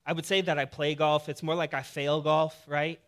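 Animated, high-voiced male pastor preaching. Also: normal speed. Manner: casual, animated preaching with humor. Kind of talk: sermon.

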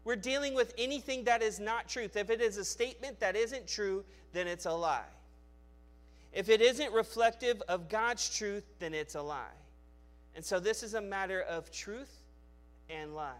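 A male pastor delivers a sermon at a moderate pace, alternating between loud, emphatic lines and quiet, low asides. He often restarts and repeats words.

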